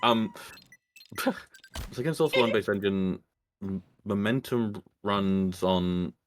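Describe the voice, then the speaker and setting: Low-voiced man reading viewer questions. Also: slow, slight background noise. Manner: earnest, restarts sentences, reads questions aloud. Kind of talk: casual livestream chat.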